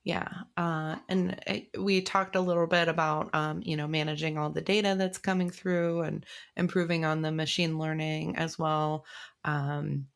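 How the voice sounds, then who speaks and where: A woman reporter in a casual news chat, her voice still husky after illness, chatty with many fillers. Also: low voice, level tone, normal speed. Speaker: reporter and podcast co-host.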